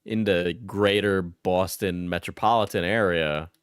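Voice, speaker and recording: A young man from New England rambles through a reaction stream with blunt, profane remarks. His voice sits fairly low, and the sound is dry and close with no room echo. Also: fairly even intonation, unhurried, smooth. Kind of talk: casual reaction commentary.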